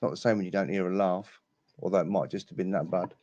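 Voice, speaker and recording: A man's voice: deep voice, fairly even intonation, fast talker, darkish tone, dry recording, highs cut off. A man from England, chatting on a video call, joking and reading out viewer comments. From southern England. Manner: jokey, wry, reads out viewer comments. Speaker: guest on an online chat show. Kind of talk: casual chat and joke telling.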